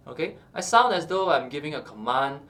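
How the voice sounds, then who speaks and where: A man with a fairly high speaking voice talks through singing technique in a calm, explanatory way. He pauses on fillers and often checks in with a quick "okay". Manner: explains calmly with frequent uh and okay, breaks into short sung examples. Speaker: singing teacher. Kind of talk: instructional talk with sung demonstrations.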